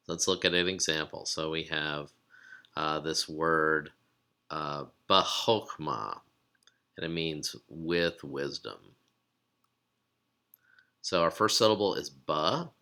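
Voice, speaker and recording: A man teaching a recorded lesson, explaining patiently with frequent pauses and fillers. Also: very deep voice, bright, forceful tone, clear, resonant tone. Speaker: biblical Hebrew teacher.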